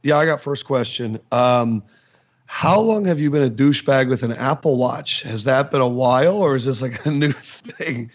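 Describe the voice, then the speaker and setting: A man's voice: medium pitch, moderate pace, lo-fi sound. A man co-hosting a podcast, joking and teasing in casual chat. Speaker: podcast co-host.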